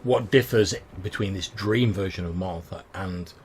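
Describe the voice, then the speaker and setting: A man's voice: low-pitched, normal speed, a little hiss or hum. A man narrating a tabletop role-playing game as game master, describing scenes with frequent restarts.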